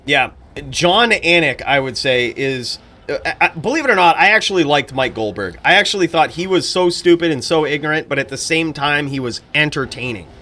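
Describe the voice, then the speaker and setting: Bright-voiced casual male streamer. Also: on the high side, lively intonation, normal speed. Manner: casual, profane, blunt opinions. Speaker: streamer and commentator. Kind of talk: live-stream chat and game fight commentary.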